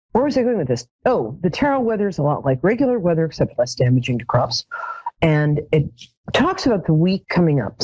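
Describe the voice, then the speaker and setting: A woman's voice: low-pitched, warm tone, husky, no room sound. A middle-aged woman hosting a live psychic show, chatting casually with dry, self-mocking humor and many ums. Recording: dull, lo-fi webcam sound.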